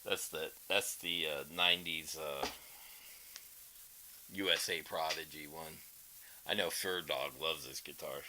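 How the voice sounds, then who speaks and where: A man's voice: very deep voice, fairly even intonation, measured pace, pauses often, pushed and bright, slight background noise, low-quality recording. A man guitarist chatting casually on a live stream, rambling, greeting viewers and showing licks. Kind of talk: casual livestream chat.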